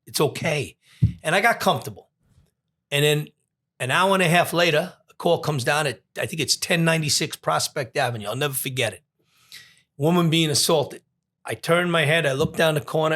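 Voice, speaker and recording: Animated New man in his 60s. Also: on the high side, fairly quick. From Long Island, New York. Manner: animated storyteller with frequent restarts. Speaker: police commissioner, podcast guest. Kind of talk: storytelling in an interview.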